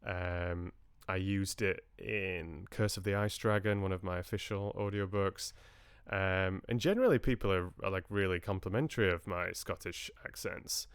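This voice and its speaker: Chatting casually with his viewers, a livestream host who also narrates audiobooks rambles amiably and frequently starts over. He speaks in a low, smooth voice at normal speed with barely any pauses, recorded cleanly in a studio without room sound.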